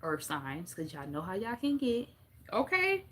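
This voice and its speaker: A woman's voice: lowish voice, huge pitch swings, unhurried, fairly bright tone, slight background noise. A young woman giving a casual tarot reading, blunt and profane, joking and laughing often as she talks. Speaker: tarot reader.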